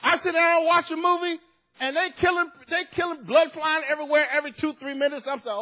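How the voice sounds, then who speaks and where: A middle-aged male pastor preaching a sermon, swinging from shouted emphasis to hushed asides. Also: extremely high pitch, steady tone, fast, rough recording.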